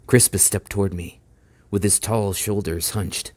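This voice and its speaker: Deep-voiced man reading a novel aloud. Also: no room sound. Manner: steady, measured first-person reading. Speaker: audiobook reader.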